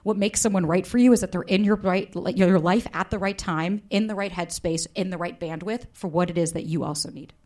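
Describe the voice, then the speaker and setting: Woman, 30s, dating coach guest. Lively, candid storyteller who swears freely and acts out her quotes. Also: on the low side, a little fast, hardly any pauses. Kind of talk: candid podcast interview.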